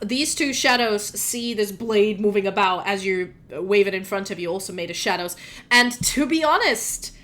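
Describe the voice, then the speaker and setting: Bright-voiced woman running a tabletop game. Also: mid-range voice. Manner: chatty, descriptive, with filler words. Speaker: game master.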